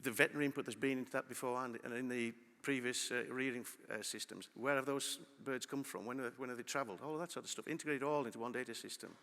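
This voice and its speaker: Fast, bright-voiced man in a hall. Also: mid-range voice. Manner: lively, asks the audience questions. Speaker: conference speaker. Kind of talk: conference talk. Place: large conference hall. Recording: long hall reverb.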